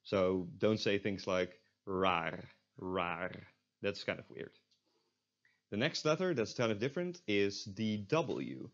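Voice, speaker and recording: A man's voice: on the low side, sing-song, unhurried. A young man with a Dutch accent, explaining pronunciation in a casual recorded lesson, with many fillers and restarts. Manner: hesitant, lots of fillers and restarts, demonstrates sounds. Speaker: Dutch language tutor. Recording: dull lo-fi sound.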